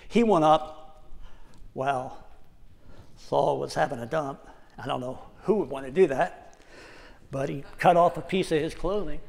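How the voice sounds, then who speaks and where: A man gives a relaxed, talky sermon, circling back over his own phrases and slowing down to read scripture. His voice sits a little high for a man. The sound carries a long reverb from the hall. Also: creaky. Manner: conversational, repeats himself, scripture read slowly. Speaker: preacher. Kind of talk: casual sermon.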